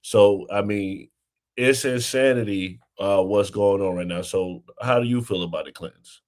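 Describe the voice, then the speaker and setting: A man's voice: on the low side, normal speed. A man hosting a casual political talk show, chatting loosely, introducing clips and asking his co-host questions. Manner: conversational, sets up clips and asks questions.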